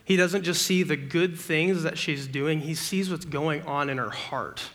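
A young man preaching a sermon to a student ministry, conversational and full of rhetorical questions, acting out everyday scenes with bursts of excitement. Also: fairly high pitch, a little slow.

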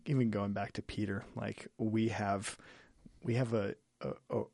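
A man, a pastor, chatting on a podcast in an earnest, halting way with frequent restarts. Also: on the low side, little pitch movement, gravelly, a little mellow, no room sound, studio quality. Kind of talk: casual podcast chat.

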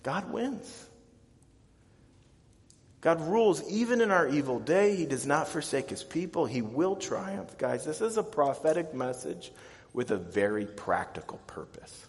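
A man in his thirties preaches with lively, theatrical energy, often jumping up into loud, panicky character voices before dropping back down to a soft, close tone. His voice sits a little higher than most men's. The sound rings with the long reverb of a large sanctuary. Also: moderate pace. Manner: animated storytelling, acts out scared voices with big swings in pitch and volume. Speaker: pastor. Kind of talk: sermon.

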